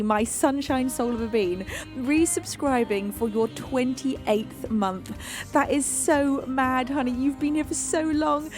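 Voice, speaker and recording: A woman's voice: sits high, a little mellow. A woman from the UK hosting a live music stream, greeting her chat with gushing, affectionate names while recovering from a lost voice. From United Kingdom. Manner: gushing, affectionate, calls viewers beans.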